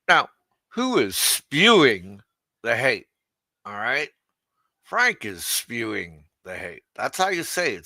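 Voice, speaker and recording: A man's voice: medium pitch, very animated, slow pace, gravelly, sharp tone, no echo. A man hosting an unscripted livestream rant, crude and mocking, laughing at his own jokes. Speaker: livestream host.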